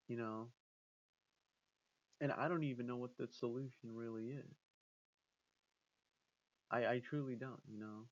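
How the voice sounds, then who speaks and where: A man's voice: medium pitch, normal speed, pauses often, highs cut off. A man giving casual spoken commentary as a vlogger, rambling with restarts and acting out quotes.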